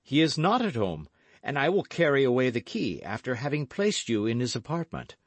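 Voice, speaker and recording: A man's voice: medium pitch, sing-song, moderate pace, dry recording, pitched above the performer's own voice. A man voicing a bold, gallant young guardsman in an audiobook reading, speaking earnestly and eagerly.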